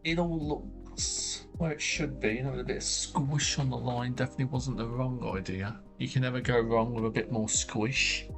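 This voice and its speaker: A man's voice: medium pitch, steady tone, normal speed, few pauses. A man chatting casually on a livestream while he draws, thinking aloud in loose, trailing phrases. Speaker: art streamer. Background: faint background music.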